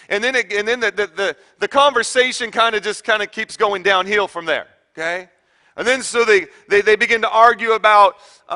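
A man's voice: high voice, bright, forceful tone, long reverb tail. A man preaching a sermon to a congregation, telling stories with animation and reading scripture with strong emphasis. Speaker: pastor.

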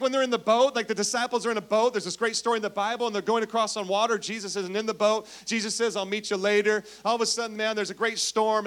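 A man preaching a sermon, telling Bible stories with animated emphasis and dropping to a hush, speaking directly to the congregation. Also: sits high. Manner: animated storytelling, swings from loud emphasis to hushed. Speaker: pastor.

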